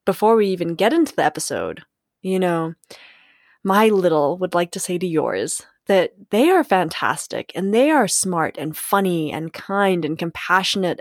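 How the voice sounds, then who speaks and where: A woman's voice: on the low side, no room sound, studio quality. A young woman hosting a podcast alone, talking casually in a playful, giggly way, full of likes and you knows. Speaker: podcast host. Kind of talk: casual solo podcast monologue.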